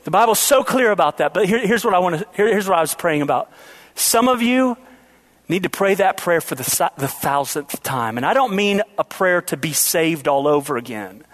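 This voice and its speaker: A man preaching a sermon, asking the congregation rhetorical questions and slowing down to stress key lines. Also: high-pitched, animated, fairly bright tone. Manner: preaching with rhetorical questions, varying pace for emphasis. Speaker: pastor.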